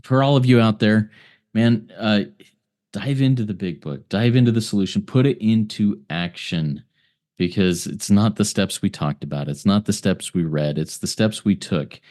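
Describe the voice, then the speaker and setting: A man's voice: fairly low pitch, moderate pace, a little mellow. A man co-hosting a recovery podcast, speaking in an earnest, thankful way with a few fillers. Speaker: podcast co-host. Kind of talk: casual recovery podcast talk.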